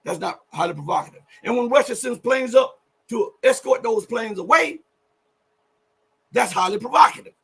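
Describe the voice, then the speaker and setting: A show host with a high, husky-edged male voice delivers live political commentary with lively intonation at a normal speed. He speaks emphatically, nearly shouting to stress points, and in between he rambles and corrects himself mid-thought.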